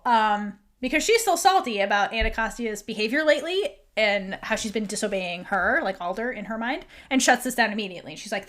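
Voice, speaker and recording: Woman podcast host recapping an episode, kinda high voice, says like a lot. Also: animated, a little fast, a bit bright. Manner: chatty, lots of "like", acts out characters' lines.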